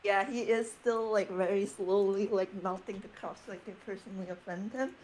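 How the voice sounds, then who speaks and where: A woman's voice: mid-range voice, normal speed, heavy background noise. Woman playing a tabletop game. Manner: animated storytelling with fillers. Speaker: player. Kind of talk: tabletop role-play chat.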